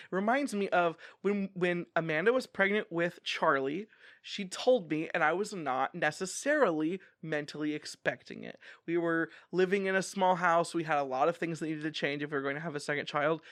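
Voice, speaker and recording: Man, 30s, high voice, chatty book recap, animated, laughs easily, dry close recording. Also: dry recording. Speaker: book reviewer. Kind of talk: casual book recap commentary.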